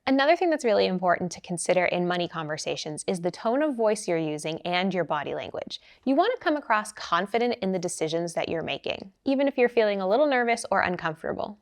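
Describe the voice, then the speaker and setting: A young woman giving casual money advice to camera, chatty and lively as she acts out quoted lines. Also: mid-range voice. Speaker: personal finance educator.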